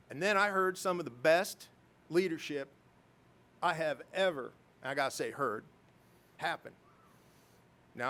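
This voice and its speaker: A man's voice: medium pitch, fairly bright tone. Middle-aged man telling a war story. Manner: anecdotal, self-deprecating humor, chuckles. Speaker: guest speaker, military pilot. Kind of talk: storytelling speech at a ceremony.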